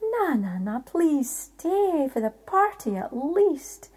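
A woman's voice: high-pitched, very animated, takes it slowly, a little mellow, voice pushed up, heavily acted. A woman voicing a grateful, coaxing queen with a Scottish accent, in a folk tale. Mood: gushing. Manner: gushing, coaxing.

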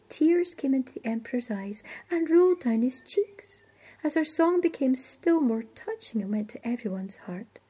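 A woman reading a fairy tale aloud expressively, often dropping to a hushed voice. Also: sits high, breathy edge. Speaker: storyteller.

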